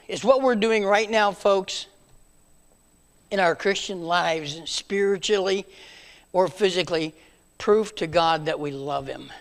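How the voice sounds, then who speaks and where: A man preaching a sermon in a church, moving between loud emphatic calls and hushed, quiet passages. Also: sits high, unhurried.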